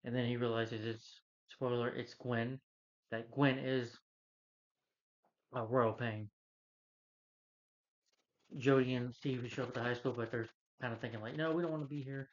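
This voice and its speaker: A man's voice: medium pitch, little pitch movement, measured pace, pauses often. A man casually retelling a movie plot in a loose, rambling way, filling gaps with "you know" and "he's like". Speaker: film reviewer. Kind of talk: casual spoken movie recap. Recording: slightly dull lo-fi recording.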